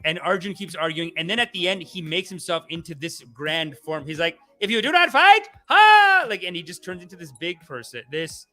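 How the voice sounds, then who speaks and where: A man's voice: fairly high pitch, brisk, few pauses, faint music behind. A man hosting a comedy talk stream, ranting casually, swearing, and slipping into voices. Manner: animated, swears, acts out voices. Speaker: comedian host.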